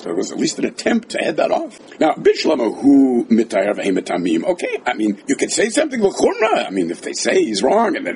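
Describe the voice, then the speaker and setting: A man teaching a Talmud class mixes Hebrew and Aramaic terms into his English, adding dry, wry asides and acting out the quoted dialogue with a changing voice. He has a high voice, with slight background noise.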